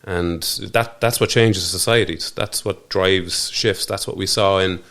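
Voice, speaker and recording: This podcast guest from Ireland has a low-pitched, slightly bright voice, a steady tone, and a measured pace. In a reflective, conversational studio interview he talks earnestly, frequently starting over and letting thoughts trail away.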